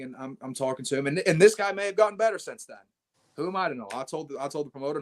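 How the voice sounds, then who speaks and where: A man's voice: a little high, fast. Blunt man telling a story. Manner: animated, blunt, acts out his own quoted lines. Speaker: wrestler guest. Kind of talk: storytelling in an interview.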